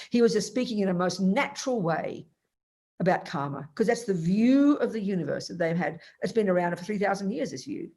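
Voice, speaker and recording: A woman teaching as a Buddhist teacher, giving an emphatic, animated dharma talk and acting out the voices she quotes. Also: medium pitch.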